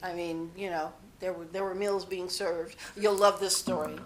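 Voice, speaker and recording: A woman's voice: on the low side, fairly even intonation, moderate pace, very noisy. A woman being interviewed, telling personal stories in a rambling, candid way and often restarting her sentences. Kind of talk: personal storytelling.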